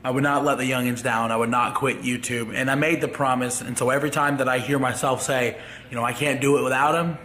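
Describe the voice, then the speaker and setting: A grieving man talking to his viewers in a halting, heartfelt farewell vlog. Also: medium pitch, steady tone, fairly bright tone, a little hiss or hum. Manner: halting, grief-stricken. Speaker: vlogger.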